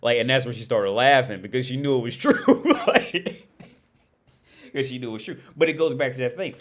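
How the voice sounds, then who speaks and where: A young man talking on his own livestream in a loose, rambling monologue. He stumbles and restarts often, repeating words, and swears freely. His pitch sits in the middle range. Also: rapid-fire. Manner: rambling, repetitive restarts, profane. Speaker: livestream host.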